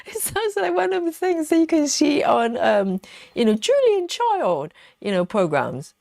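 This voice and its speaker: A woman's voice: high-pitched, very animated, moderate pace, creaky, a little mellow, no echo, clean studio sound. A woman hosting a casual live stream, chatting and giggling as she reads viewer comments aloud. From United Kingdom.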